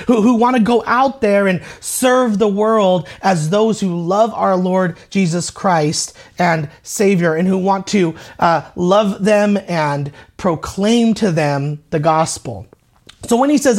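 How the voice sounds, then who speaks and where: A pastor preaching a conversational sermon, with frequent restarts and rhetorical questions. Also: mid-range voice.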